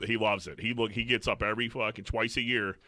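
A man's voice: fairly low pitch, steady tone, fast talker, sharp tone, dry recording. A man in a casual chat, telling profane, rambling stories with lots of restarts.

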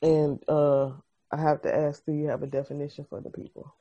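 A woman co-hosting a podcast in casual chat, expressive and storytelling. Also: sits low, a little fast. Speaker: podcast co-host. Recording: muffled video-call audio.

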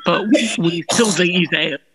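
Deadpan woman with a bright voice. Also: lowish voice, normal speed, slightly rough. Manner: dry, deadpan. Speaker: podcast co-host. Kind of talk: casual family chat.

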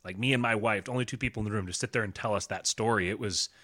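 A man, a podcast guest, telling a story in casual chat, earnest and halting with many restarts. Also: lowish voice, bright, forceful tone, dry recording.

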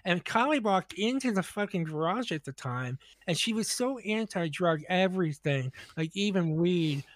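A man's voice: high voice, expressive, normal speed. A man on a podcast, telling a rambling, profane story in casual chat, full of restarts.

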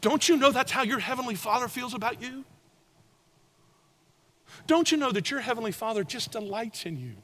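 Lively, bright-voiced older man preaching. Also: very high voice. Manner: animated storytelling, swinging between loud and hushed. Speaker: pastor. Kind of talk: sermon.

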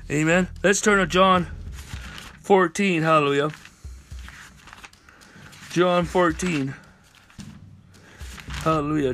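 Male preacher, slightly high voice, peppers every phrase with amen and hallelujah, faint hiss behind. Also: a bit bright. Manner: rises to chanting repeated lines. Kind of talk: sermon on a conference call.

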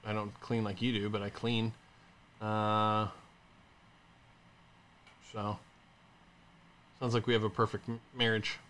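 Brief: male podcast co-host, teasing casual banter, bright forceful voice. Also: on the low side, little pitch movement, a little hiss or hum. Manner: teasing, playful, halting with fillers.

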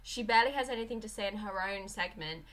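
A woman's voice: mid-range voice, fast talker, a bit bright. A woman co-hosting a casual chat who talks enthusiastically and laughs often. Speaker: podcast co-host.

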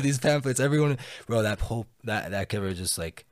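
A young man telling a story in casual chat, animated and quick, with lots of fillers. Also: mid-range voice, no echo, clean studio sound. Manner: animated, talks fast with many fillers.

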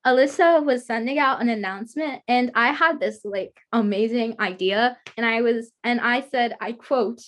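A woman with a high, bright-toned voice hosts a casual interview over a video call. She talks in a chatty, rambling way and giggles often. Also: moderate pace, few pauses. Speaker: guest host interviewer. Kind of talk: casual chat.

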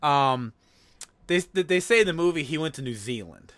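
A man's voice: fairly high pitch, expressive, moderate pace, a bit bright, no echo. A man hosting a podcast, chatting casually about a movie, rambling with lots of fillers and laughs. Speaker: podcast host. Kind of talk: casual movie-review chat.

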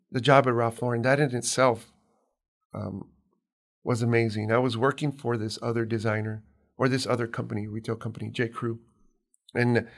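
Male interview guest, gravelly, calm and soft-spoken storyteller. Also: mid-range voice. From immigrant to New York. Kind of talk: conversational storytelling.

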